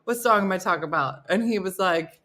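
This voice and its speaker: A woman's voice: mid-range voice, a little fast, bright, forceful tone. A middle-aged woman hosting a casual live stream, chatting and joking as she reads out viewer comments. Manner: chatty and jokey, talks to her dogs and to commenters. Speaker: host of a morning live stream.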